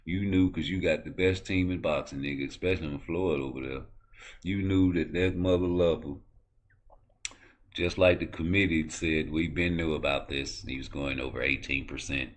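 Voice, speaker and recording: A man's voice: rumbling low, normal speed. A man ranting profanely about boxing in a casual, mocking comedic monologue. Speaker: boxing commentator.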